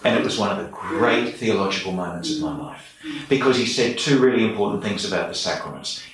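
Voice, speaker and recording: An Australian priest speaks in an earnest, reflective way, with a fairly low voice. The sound is strongly echoey and picked up from some distance away in the room. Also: male voice, fairly quick, a bit bright. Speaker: priest, interview guest. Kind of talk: storytelling in an interview. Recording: echoey room, mic far off.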